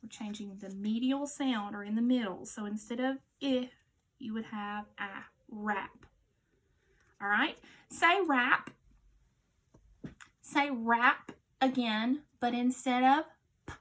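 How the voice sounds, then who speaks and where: Slow, patient woman teaching phonics. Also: on the high side. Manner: slow, clear, patient instructions; drops to a quiet voice for answers. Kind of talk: phonics lesson for children.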